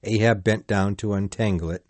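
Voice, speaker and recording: A man narrating a sea story in a deliberate, clearly paced reading. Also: lowish voice, fairly even intonation, dry recording. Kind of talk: slow simplified-English story reading.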